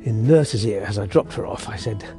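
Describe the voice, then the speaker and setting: A man's voice: fairly low pitch, moderate pace, music in the background. A man hosting a podcast, telling a rambling story outdoors while walking his dog and breaking off to talk to it. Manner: rambling, self-interrupting, chatty with his dog. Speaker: podcast host. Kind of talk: casual storytelling monologue.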